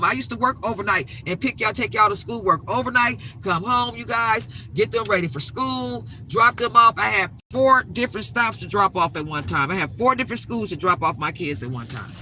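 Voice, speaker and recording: An older woman hosting a live stream, telling a story in an emphatic, animated way and swearing freely. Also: mid-range voice, brisk, few pauses, slight background noise, rough recording. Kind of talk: casual storytelling rant.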